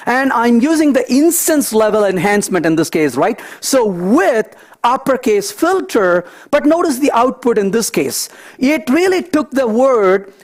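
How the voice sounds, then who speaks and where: A man giving a technical conference talk, walking through live code and telling lively anecdotes as he thinks aloud. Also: very high voice. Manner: animated, storytelling asides, thinks aloud. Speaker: conference speaker.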